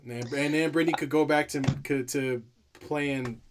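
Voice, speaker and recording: Guy cohosting sports talk, kinda high voice, joking around, slangy and loose. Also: fairly even intonation, moderate pace, crowd noise. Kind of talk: casual banter.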